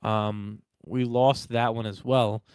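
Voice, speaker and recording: A young man co-hosts a casual podcast chat in a relaxed, rambling way, swearing freely. His voice is smooth and clear, and it sits in a dry, close-sounding room. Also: fairly low pitch, slow, no echo. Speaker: podcast co-host.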